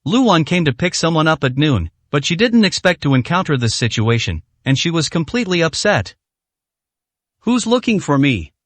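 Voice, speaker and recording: Lively male storyteller, dry sound. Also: a little high, brisk, hardly any pauses, no room sound. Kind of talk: scripted narration.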